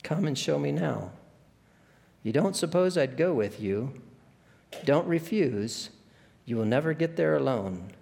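A man voicing the calm spirit of a reformed man, speaking gently, plainly and steadily. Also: a little high, measured pace, vocal fry, pauses often. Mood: inviting. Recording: long echo of a large hall.

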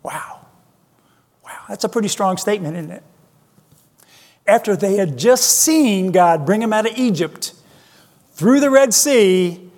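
A man preaching a sermon, slow and emphatic, asking his listeners rhetorical questions. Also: high voice, animated, darkish tone, in a large hall. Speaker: pastor.

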